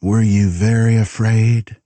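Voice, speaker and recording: A man voicing a calm, faceless shadow man with a soft, accented voice that soothes quietly. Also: lowish voice, takes it slowly, no echo, pitched above the performer's own voice. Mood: soothing.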